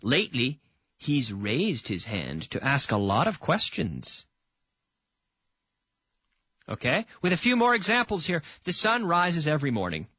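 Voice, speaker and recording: A man's voice: fairly high pitch, sharp tone, no echo, highs cut off. A man from Canada teaching an English grammar lesson on video. He repeats example sentences and checks in with the viewer by asking "okay?".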